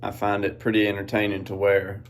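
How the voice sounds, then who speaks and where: A man with a fairly low voice and a completely flat delivery talks a little fast as he hosts a podcast outdoors in farm fields. His casual monologue rambles along in a laid-back way, full of folksy slang.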